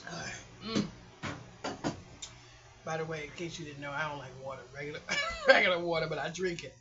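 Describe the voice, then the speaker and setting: A middle-aged woman, rambling through a casual home vlog in a chatty, animated way. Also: sits low, brisk, lo-fi sound. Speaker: vlogger. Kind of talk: casual chat. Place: hot apartment room at home.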